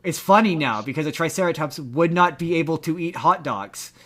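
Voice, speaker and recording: A man's voice: a little high, a crowd in the background. A man co-hosting a podcast in casual chat, retelling a film scene by scene and acting out its lines. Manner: animated, acts out movie lines in quick retellings. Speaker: podcast co-host.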